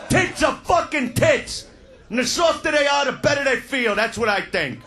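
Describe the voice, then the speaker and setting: A man doing crude, loud stand-up comedy, shouting his punchlines. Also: extremely high pitch, expressive, moderate pace, some chatter behind. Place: comedy stage before a live audience.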